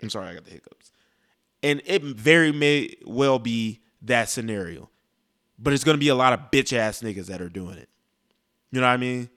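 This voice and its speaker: A man's voice: mid-range voice, moderate pace, a bit bright. A young man giving a casual, blunt and profane rant about music, rambling with restarts. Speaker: music commentator.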